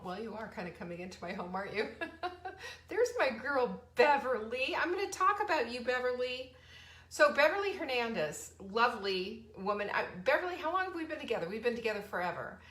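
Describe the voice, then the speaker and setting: A woman's voice: medium pitch, fairly bright tone. A middle-aged woman hosting a casual live stream from her home office, chatty and upbeat, rambling from one thought to the next. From Southern California. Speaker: host. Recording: roomy echo.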